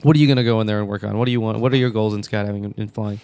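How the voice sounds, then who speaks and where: A man's voice: lowish voice, fairly even intonation, very fast, a little mellow. Man, podcast host, casual chat, joking, hesitant restarts.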